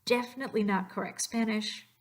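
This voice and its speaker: A woman's voice: mid-range voice, steady tone, brisk. Woman teaching Spanish pronunciation. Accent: American English. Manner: explains patiently, drills words by repetition. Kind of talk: narrated slideshow lesson.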